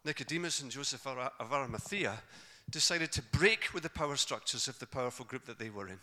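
Guy preaching, bright sharp voice, acts out the people in the stories. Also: mid-range voice, fast. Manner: animated storytelling, acting out voices of the characters. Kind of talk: sermon.

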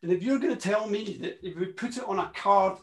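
A man preaching a sermon, impassioned, moving between quiet asides and ringing emphasis. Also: high voice, a little fast.

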